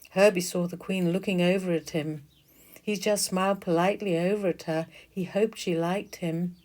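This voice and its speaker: A woman, the author, narrating a children's storybook in a gentle, expressive way. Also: on the low side, moderate pace.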